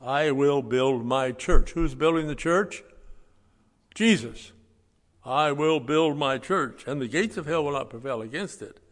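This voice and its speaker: A man preaching a sermon in a folksy, conversational way, swinging between loud stressed words and quiet asides. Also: medium pitch, a little slow, in a large hall. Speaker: pastor.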